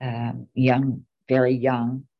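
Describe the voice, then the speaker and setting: A middle-aged woman town commissioner rambles through casual anecdotes at a meeting, captured on a dull, lo-fi recording. Her voice rumbles low, monotone and slow.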